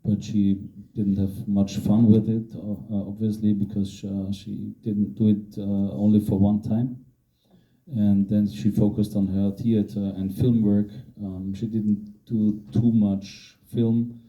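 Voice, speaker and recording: A man with a low, very dark voice. He is the film's director, taking questions after a screening and speaking in a measured way with frequent pauses. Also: little pitch movement, low-quality recording. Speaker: film director. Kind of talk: post-screening Q&A answers.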